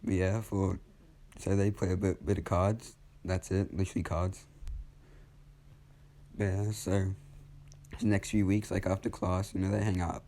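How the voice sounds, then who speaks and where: Low-voiced man telling a rambling fan story. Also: little pitch movement, a little slow, long pauses, warm tone. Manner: rambling, self-correcting, casual. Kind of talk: off-the-cuff fan story narration.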